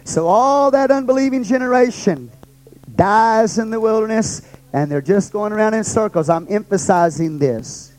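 A male pastor with a notably high voice teaching a Bible study. He presses each point through repetition and rhetorical questions to his listeners. He sounds middle-aged. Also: expressive, moderate pace, darkish tone, low-quality recording.

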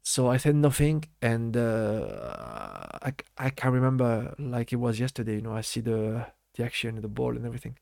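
A middle-aged man with a French accent talks in a gravelly, creaky voice at a middling pitch. His English is halting and full of fillers. The sound is close and dry, with no room around it. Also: sing-song, darkish tone, no echo. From France. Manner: halting non-native English with many fillers. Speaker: former footballer guest. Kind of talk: casual interview.

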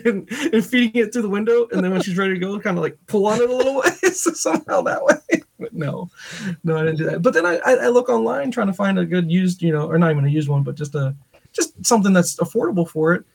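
Podcast co-host, male, husky and fairly high, lively storyteller who laughs a lot. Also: fast. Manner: animated storytelling, laughs often. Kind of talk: casual chat.

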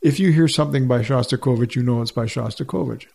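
Man, older, gravelly voice, mellow tone, reflective storyteller, interview guest. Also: mid-range voice, quick pace. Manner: reflective storytelling with frequent restarts. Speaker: retired orchestra musician, guest. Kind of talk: conversational interview.

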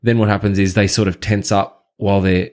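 Low-voiced man reflecting in a chat. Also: flat delivery, brisk, a little mellow. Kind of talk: casual podcast conversation.

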